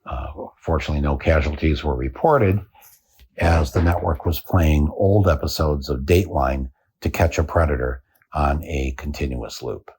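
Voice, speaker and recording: Older american guy doing a deadpan bit on his podcast, deep slow husky voice, laughs at his own jokes. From United States. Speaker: podcast host. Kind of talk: satirical podcast monologue.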